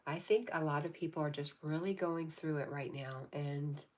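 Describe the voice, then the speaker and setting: A woman hosting a casual livestream, reading viewers' comments aloud and answering in a gentle, affectionate, spiritually encouraging way. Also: sits low, moderate pace. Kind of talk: casual live-stream chat.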